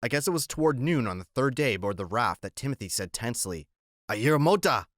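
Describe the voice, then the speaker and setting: A man narrating an audiobook in a measured, even storytelling voice, recorded close on a studio mic. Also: mid-range voice, dry recording.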